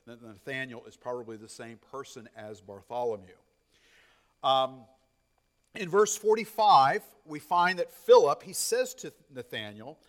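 A man preaching a sermon in a conversational teaching style, often checking in with "okay?" and acting out quotes with lively excitement. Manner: animated, acts out quotes with rising pitch. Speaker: pastor.

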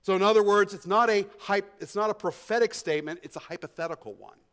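Emphatic higher-voiced male preacher. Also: quick pace. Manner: emphatic, swings between hushed and loud, repeats words while thinking. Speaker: pastor. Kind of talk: expository sermon.

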